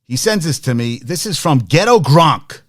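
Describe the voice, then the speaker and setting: A man hosting a casual sports talk podcast, rambling and animated, with many restarts and asides while reacting to his chat. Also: on the high side, moderate pace, no room sound, clean studio sound.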